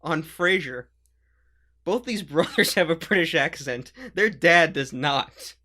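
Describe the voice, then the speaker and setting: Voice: medium pitch, animated, slow pace, sharp tone, no room sound, clean studio sound. A podcast co-host in casual chat, wry, sarcastic and stubborn.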